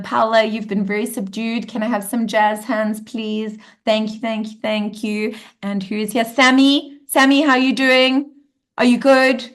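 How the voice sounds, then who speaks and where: A woman's voice: on the high side, a bit bright. A woman hosting a live online coaching session in an upbeat, bubbly way, acting out cheerful affirmations as she talks. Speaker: workshop host.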